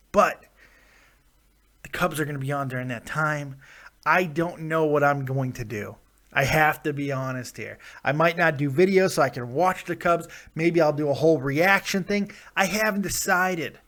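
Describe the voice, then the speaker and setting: Man, wrestling vlogger, casual stream commentary, rambling, joking, slightly high pitch. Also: fairly bright tone. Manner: rambling, joking, talks straight to viewers.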